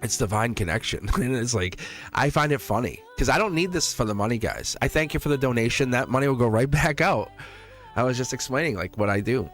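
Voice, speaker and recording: A man's voice: medium pitch, animated, brisk, faint music behind. A middle-aged man hosting a live tarot stream, rambling in a casual, chatty way and laughing often. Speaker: tarot reader and livestream host. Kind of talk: casual livestream chat.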